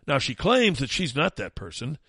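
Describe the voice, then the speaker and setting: A man's voice: mid-range voice, huge pitch swings, moderate pace, a bit bright, husky, no echo. A man hosting a talk radio show, delivering an opinionated, mocking and emphatic monologue.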